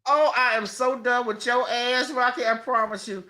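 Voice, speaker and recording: A woman hosting a podcast, trading raunchy banter with loud laughs and teasing. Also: fairly high pitch, fairly even intonation, moderate pace. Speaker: podcast host.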